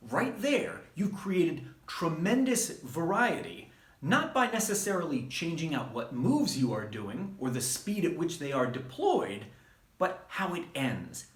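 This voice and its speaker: A man, a wrestling trainer, giving a measured, emphatic instructional talk. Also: on the high side, big pitch swings. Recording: roomy echo.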